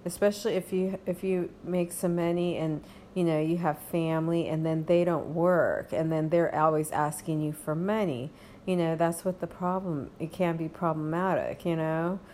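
A woman with a fairly low voice talks through a loose, rambling monologue at home, full of fillers and little "okay?" check-ins to the listener. Faint hiss sits under her voice. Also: steady tone, moderate pace, warm tone. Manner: rambling, frequent fillers, reassuring asides with "okay?". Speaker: podcast host. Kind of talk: casual monologue.

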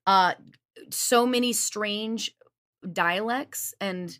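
A woman's voice: medium pitch, very slow, a bit bright. A woman from Louisiana with no regional accent, a voice actor chatting as a podcast guest in an upbeat way and laughing easily. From Louisiana, USA. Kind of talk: casual podcast chat.

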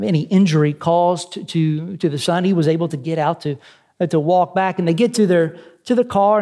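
A man preaching, telling a story as a sermon illustration, halting often with restarts and fillers. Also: a little high, vocal fry, darkish tone.

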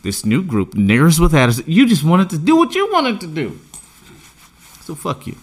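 A man's voice: sits high, normal speed, slightly rough. Man ranting on a podcast, swings up and down a lot, cursing. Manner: animated, profane, emphatic ranting. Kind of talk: casual podcast chat.

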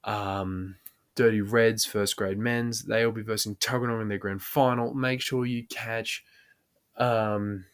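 A man's voice: fairly low pitch, fairly even intonation, a little slow, clear, resonant tone. A man with an Australian accent hosting a podcast, telling a story in a casual way, laughing often and swearing freely. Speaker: podcast host.

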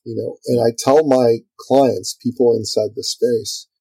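Gravelly, husky man telling a lively story. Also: medium pitch, a little slow, no echo, rough recording. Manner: energetic, lively storyteller, acts out quotes. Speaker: guest, business coach. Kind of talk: storytelling in a conversational interview.

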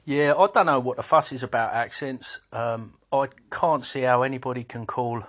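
A man's voice: medium pitch, fairly even intonation, moderate pace, fairly bright tone. A man leaving an easygoing, chatty voicemail for a podcast, with hesitant restarts. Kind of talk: casual voicemail message.

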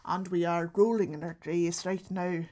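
A woman voicing a disapproving elderly great-grandparent from Ulster in an exaggerated put-on Irish accent, speaking in a tight, small-mouthed monotone. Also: lowish voice, normal speed, pitched below the performer's own voice, lightly acted. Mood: scolding.

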